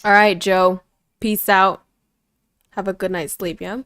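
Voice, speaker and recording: A woman's voice: medium pitch, level tone, unhurried, a bit bright, clean tone, no echo, clean studio sound. A young woman streaming a game live, chatting casually with her chat and reading story text aloud in a playful, talkative way. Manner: chatty, switches languages, greets chat playfully. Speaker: vtuber streamer.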